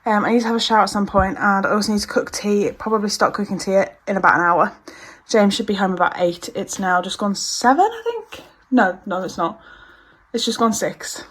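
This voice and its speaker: A woman's voice: medium pitch, expressive, brisk, fairly bright tone, husky. A young woman talks through her afternoon at home in a loose, chatty vlog style. She gushes, rambles and tacks on little asides as she goes. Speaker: lifestyle vlogger. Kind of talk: casual chatty vlog narration. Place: at home indoors.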